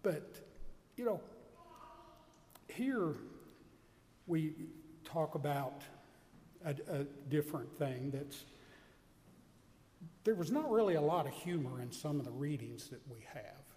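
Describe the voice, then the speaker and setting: A man's voice: a little high, very animated, slow, pauses often, mellow, big-room sound, slight background noise. A man giving a homily, telling a funny story full of quoted dialogue.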